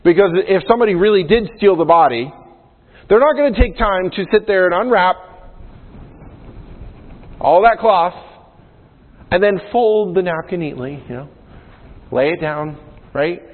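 Speaking in a high voice at a measured pace with long pauses, this man preaches a sermon in a conversational style. He explains Scripture and keeps asking "right?" along the way, captured with phone-like quality in a long-reverb hall.

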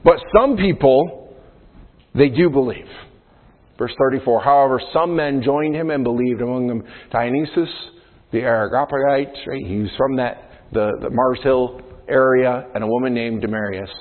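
A male pastor with a medium-pitched voice preaches at a normal speed, explaining Scripture conversationally and often checking in with "right?" The audio sounds phone-like and sits in a hall with long reverb.

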